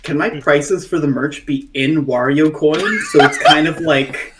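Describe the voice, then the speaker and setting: A man's voice: a little high, unhurried, crowd noise. A man playing a tabletop game, eagerly asking if he can add things to the scene. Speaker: player. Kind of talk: casual game table chat. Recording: distant echoey mic with noise.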